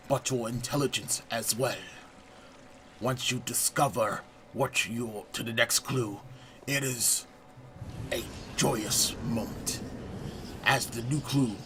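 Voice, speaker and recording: Man, let's play narration, fake French accent, unhurried delivery, faint background hiss. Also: medium pitch. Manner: playful, mock-grand narration in a put-on bad French accent. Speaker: gaming channel host. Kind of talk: let's play voice-over commentary.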